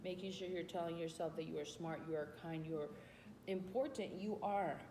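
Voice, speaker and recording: A woman vlogger chats casually about self-growth, retelling exchanges from the classroom, talking to her dog, and calling her listeners honey and baby. Her voice is on the low side at a moderate pace, recorded in an echoey room with background noise.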